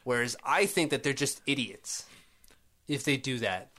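A man's voice: medium pitch, expressive, measured pace, pushed and bright. Argumentative male podcast co-host. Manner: argumentative, rising to exasperated rants. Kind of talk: casual sports podcast chat.

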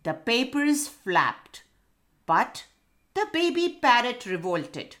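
A woman reads a children's story aloud at a slow, unhurried pace. Her voice rises and falls a great deal, and she stops now and then to ask the children a question. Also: on the high side. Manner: expressive, addresses children directly.

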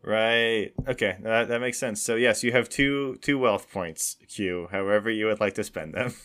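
Rambling, easygoing game master. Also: male voice, on the low side, moderate pace, fairly bright tone. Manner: rambling, full of fillers and restarts, laughs often. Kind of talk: narrating a tabletop game.

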